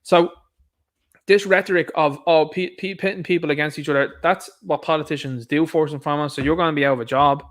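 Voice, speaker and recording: Indignant man ranting, higher voice. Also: fairly even intonation, a little fast. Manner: indignant, repetitive, talks straight to the viewer. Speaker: online commentary host. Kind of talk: ranting political commentary.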